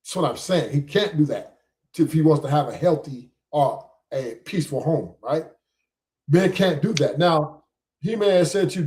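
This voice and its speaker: A man running a live debate show, insistent and methodical as he pushes back on a caller. His voice sits a bit high for a man, and he keeps interrupting to break the argument down step by step. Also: normal speed, a little mellow, roomy sound. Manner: insistent, keeps cutting in to walk points through. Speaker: live stream host. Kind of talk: casual debate talk show.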